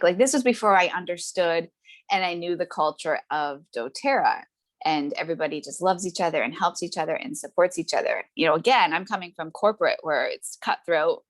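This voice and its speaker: A woman with a fairly low pitch talks briskly as an interview guest who sells essential oils. Her casual storytelling is chatty and full of tag questions and fillers; she laughs often and acts out the voices she quotes.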